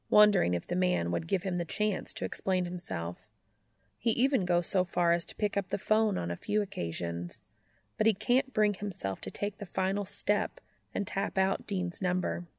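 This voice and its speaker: Woman narrating fanfic, gravelly, close dry mic. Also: lowish voice, steady tone, moderate pace, dry recording. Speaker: fan fiction reader. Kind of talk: audiobook narration.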